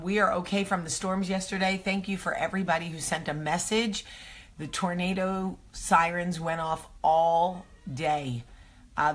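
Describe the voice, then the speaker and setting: A woman's voice: on the low side, fairly bright tone. A woman from New Jersey with a New Jersey accent, hosting a casual morning vlog in a chatty, rambling, self-mocking way. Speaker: vlog host. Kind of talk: casual morning chat to camera.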